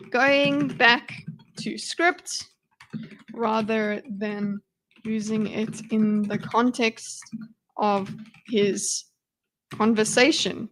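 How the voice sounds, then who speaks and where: Exasperated high-voiced woman streamer. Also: fairly even intonation, takes it slowly, pauses often, a bit bright. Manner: blunt, exasperated, swears often. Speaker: livestream host reacting to a debate. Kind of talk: casual commentary.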